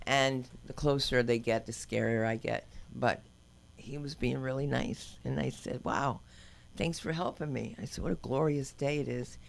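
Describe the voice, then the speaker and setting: A woman's voice: a bass voice, fairly even intonation, normal speed, creaky, a little hiss or hum. An older woman doing open-mic stand-up, telling brash, rambling stories and acting out quotes. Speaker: stand-up comedian. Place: comedy club stage.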